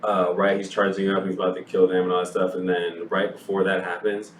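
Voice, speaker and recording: A man co-hosting a casual movie review podcast, retelling scenes in a lively way and acting out the characters' lines. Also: low voice, a little fast. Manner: animated retelling, acts out quotes, laughs often. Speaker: podcast co-host. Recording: echoey room, distant mic, faint noise.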